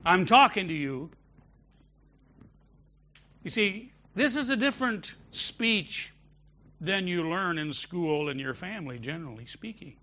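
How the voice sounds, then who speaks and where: A man preaching a sermon as pastor of a church, shifting between loud emphatic declarations and quiet storytelling. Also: sits high, animated, moderate pace, lo-fi sound.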